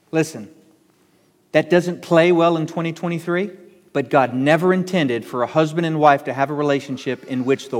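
A man's voice: a little high, long reverb tail. A male pastor preaching a sermon in an emphatic, conversational way.

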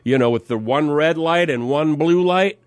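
A man's voice: fairly high pitch, moderate pace, clean tone, dry recording. Wry male radio co-host, dry studio. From Minnesota. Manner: easygoing, wry storyteller. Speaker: radio morning show co-host. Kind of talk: casual on-air banter and storytelling. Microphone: studio microphone.

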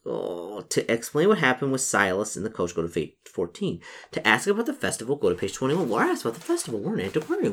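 A man's voice: medium pitch, huge pitch swings, quick pace, a bit bright. A man reading aloud from a solo horror gamebook, breaking off for casual, joking asides. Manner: casual asides, chuckles at own slips. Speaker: solo gamebook player and narrator.

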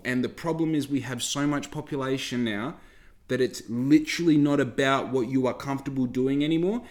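A man's voice: medium pitch, darkish tone. A man hosts a podcast and rants at his listeners. He swears freely and talks to the audience directly in a loose, heated tone. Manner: heavy swearing, ranting, talks straight to listeners. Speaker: podcast host. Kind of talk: casual podcast rant.

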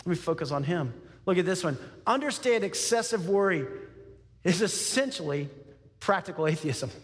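A man from Texas preaching a sermon in an animated, conversational style, with frequent asides to the congregation. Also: sits high, in a large hall. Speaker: pastor.

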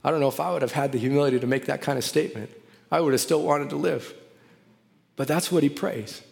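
A man delivers a sermon in a somewhat high voice, and long reverb trails his words through a large church hall. He tells a story with drama, stretching the prayers out slowly, and then presses his point with rising fervor. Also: gravelly, darkish tone. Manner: builds to fervent, emphatic preaching. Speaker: preacher.

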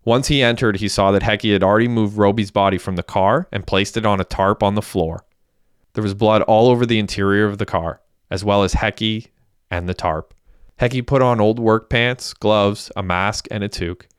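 Smooth-voiced man narrating. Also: fairly low pitch, steady tone, normal speed, no room sound, clean studio sound. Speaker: audiobook narrator. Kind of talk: scripted narration.

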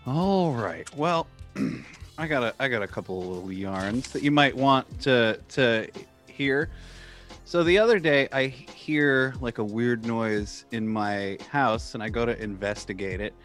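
A man's voice: mid-range voice, a little slow, a bit bright, soft background music. A man co-hosting a comedy podcast, telling a tall tale in a mock-serious, stammering way. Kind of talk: mock stand-up storytelling.

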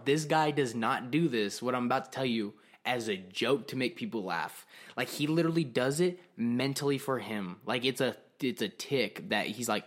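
Brief: male podcast host, casual rambling storyteller, profane and animated, mid-range voice. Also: mid-range voice. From Arizona. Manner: animated, profane storyteller who acts out quotes.

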